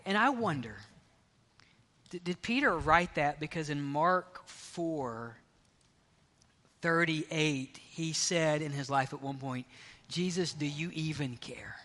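Male pastor, bright high voice, fervent sermon with whispered drops, reverberant sanctuary. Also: takes it slowly, long pauses. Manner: impassioned, swings from loud to hushed near-whispers. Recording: long reverb of a large hall.

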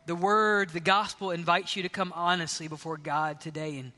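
A man preaching a sermon as pastor, passionate, swinging from loud, urgent lines to hushed near-whispers. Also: on the high side, flat delivery, normal speed, soft background music. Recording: long reverb of a large hall.

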